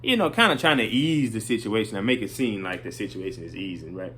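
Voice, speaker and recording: A man's voice: lowish voice, animated, fast, bright, forceful tone. A middle-aged man casually telling a story, rambling and often stopping to ask "right?" and "you know".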